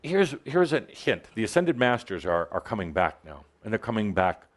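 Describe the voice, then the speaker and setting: Lively playful man channeling spirit. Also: fairly low pitch, moderate pace. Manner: playful, teasing, exhorting. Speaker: channeler addressing a live audience. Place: live gathering with an audience.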